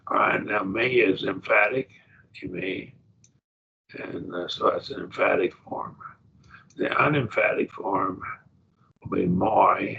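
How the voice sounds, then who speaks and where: Gravelly-voiced man teaching a Bible class. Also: low voice, very animated, pushed and bright. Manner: explains Greek word by word, slow and thinking aloud. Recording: dull lo-fi classroom recording with faint noise.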